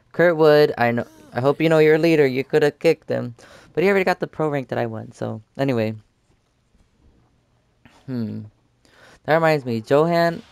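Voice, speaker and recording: Young guy rambling thru his gameplay, smooth clear voice, dry close mic, lots of ums and restarts. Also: on the high side, dry recording. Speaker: gaming YouTuber. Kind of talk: casual gameplay commentary.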